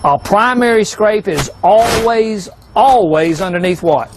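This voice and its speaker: A man's voice: high voice, animated, unhurried, noisy background. A man giving a folksy, joking hunting seminar, peppering a live audience with rhetorical questions.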